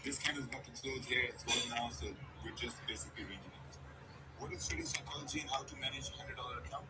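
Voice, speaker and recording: A man's voice: medium pitch, fast talker. A man hosting a casual live trading stream, answering viewer questions bluntly and offhand. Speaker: livestream trading host. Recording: loud background noise.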